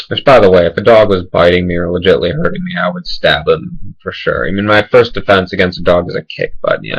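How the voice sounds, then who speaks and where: A man's voice: lowish voice, poor audio. A young man telling casual, rambling personal stories, full of "like" and "you know". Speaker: vlogger. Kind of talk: casual storytelling.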